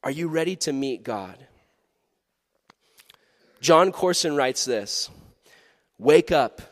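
A man giving a youth sermon in a lively, animated way, acting out quoted voices. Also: fairly high pitch, slow pace. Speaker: youth pastor. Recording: long hall reverb.

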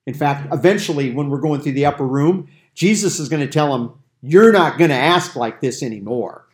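A man's voice: fairly high pitch, moderate pace. A man leading a Bible study discussion, explaining Greek grammar with everyday examples. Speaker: Bible teacher.

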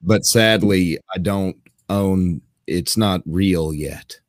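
A man hosting a podcast, chatting casually with teasing quick asides. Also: sits low, no echo, clean studio sound. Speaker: podcast host. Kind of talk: casual chat.

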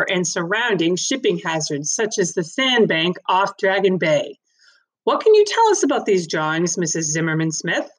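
Stern, formal female magistrate in a storybook reading, read by a woman, commanding and lively in pitch. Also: breathy edge. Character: stern female magistrate presiding over court.

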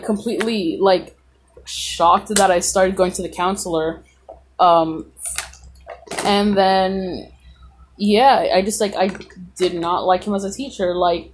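A woman's voice: mid-range voice, slight background noise. A woman casually telling a rambling personal story on a podcast, full of "like" and reenacted dialogue. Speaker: podcast host.

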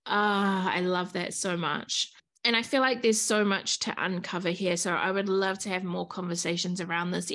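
A woman in her thirties speaks straight to her listeners in a casual, motivational podcast monologue. Her voice has a gravelly, fry-edged texture, and her words are earnest and frank, with plenty of swearing. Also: lowish voice. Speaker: podcast host.

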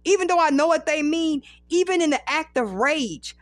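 High-voiced profane woman telling stories. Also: moderate pace, no echo. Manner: profane, rambling, animated storytelling. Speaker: podcast host. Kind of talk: casual storytelling monologue.

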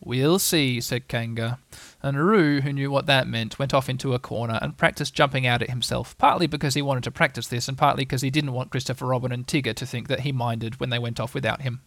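A man's voice: mid-range voice, steady tone, fast, hardly any pauses, a bit bright, no room sound. Man narrating a storybook, dry close sound. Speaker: audiobook reader.

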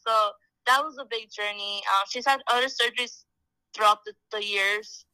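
A young woman, a guest on a podcast, tells a story in a loose, chatty way, leaning heavily on "like" and "um" and acting out the voices of people she quotes. Her voice is on the high side, bright, clear and steady, at a moderate pace. The recording sounds close and dry, with no room echo.

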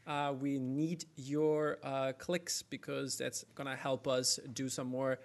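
A man's voice: medium pitch, level tone, slow, creaky. A man hosting a casual livestream over a call, talking with many fillers and restarts. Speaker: livestream host.

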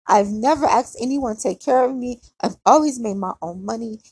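A woman's voice: fairly high pitch, normal speed, a little mellow, breathy edge, dry recording. A young woman venting bluntly in an emotional personal monologue, repeating herself as she talks. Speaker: podcaster.

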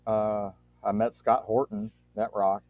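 A man from Louisiana chatting casually, an animated storyteller who swears freely. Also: fairly low pitch, a little slow, dry recording, phone-quality sound. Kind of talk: casual chat.

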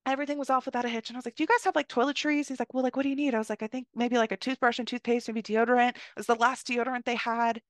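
A woman's voice: fairly high pitch, very fast, few pauses, no echo, studio quality. Chatty young woman telling a story. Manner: chatty, lots of "like", quotes people in lively voices. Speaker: podcast host. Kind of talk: casual storytelling.

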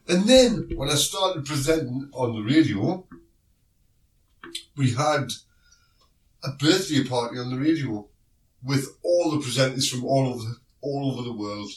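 South London male podcast co-host, teasing banter, mid pitch, distant roomy mic. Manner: jokey and teasing, laughs often. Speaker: podcast co-host, radio presenter. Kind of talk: casual chat.

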